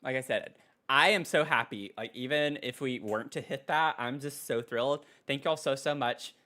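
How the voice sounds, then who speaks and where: A man streaming casually at his desk mic, excitable and giggly, cooing softly to his pet between thanks to viewers. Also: medium pitch, moderate pace. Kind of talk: casual live-stream chat. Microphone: desk microphone.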